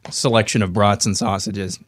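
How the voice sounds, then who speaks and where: Male co-host, low voice, easygoing banter, dry studio mic. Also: fairly even intonation, normal speed, no room sound. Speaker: radio show co-host.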